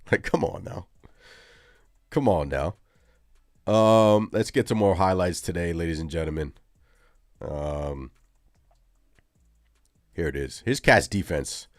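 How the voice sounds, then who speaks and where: Excitable ranting sports show host man. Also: deep voice, no echo, studio quality. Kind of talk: live postgame reaction show.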